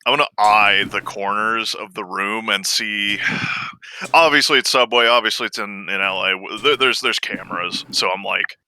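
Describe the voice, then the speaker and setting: A man's voice: fairly low pitch, moderate pace, pushed and bright, smooth, rough recording. A man playing a tabletop game, describing his character's actions and often trailing off. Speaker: player. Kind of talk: casual tabletop role-play.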